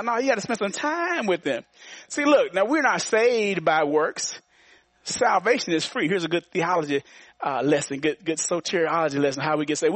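A man of about sixty preaches with a high-pitched voice, repeating his points and calling on the congregation to respond. The sound is close and dry, with little room echo. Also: fairly bright tone. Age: around 60. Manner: repetitive call-and-response preaching with frequent laughs. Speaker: pastor. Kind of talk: sermon.

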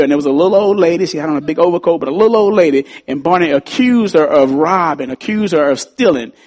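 A pastor preaching a sermon to his congregation, telling a story and slowly repeating key lines for emphasis. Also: on the high side, expressive, a little mellow.

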